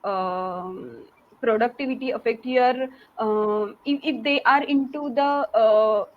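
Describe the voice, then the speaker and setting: A woman learning English, speaking haltingly with many fillers and restarts in a casual conversation. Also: a little high, dull audio.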